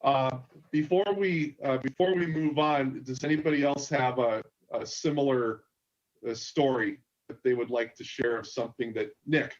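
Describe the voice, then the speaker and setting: A man's voice: medium pitch, normal speed. A man hosting a convention panel, telling an on-set story with quoted dialogue. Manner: animated anecdote, quotes others. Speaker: panel host, filmmaker. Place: convention stage. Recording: dull lo-fi panel recording.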